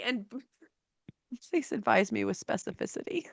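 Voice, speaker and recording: A woman with a bright, slightly high voice tells a courtroom story full of swearing. She laughs often and sounds animated. The recording is dry and close. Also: unhurried, no room sound. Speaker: podcast host; paralegal. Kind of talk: casual storytelling.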